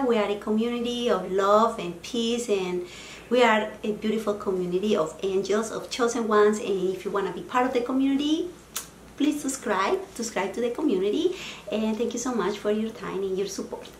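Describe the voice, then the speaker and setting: A woman's voice: mid-range voice, roomy sound, slight background noise. A woman in her forties with a Spanish accent, talking earnestly and heartfelt in a self-help vlog. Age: 40s. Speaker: vlogger.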